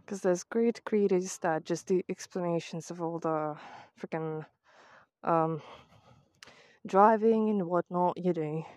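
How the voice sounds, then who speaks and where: A woman with a British accent talks on a walk outdoors, ranting with plenty of swearing and sarcasm. Her voice sits a little low. It is a casual voice memo on a phone, dry and close. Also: darkish tone, no echo. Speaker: vlogger. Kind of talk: casual voice-memo chat while walking.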